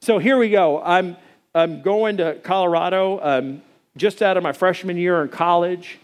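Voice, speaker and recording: Folksy preaching man, slightly high voice. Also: normal speed. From Arkansas. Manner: folksy storytelling, conversational preaching. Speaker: pastor. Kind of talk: sermon.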